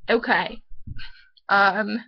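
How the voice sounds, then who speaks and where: A young woman from Britain, chatting casually and trying a halting put-on American accent in a home video. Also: medium pitch, steady tone, lo-fi sound. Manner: soft-spoken, halting, with fillers. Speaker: vlogger.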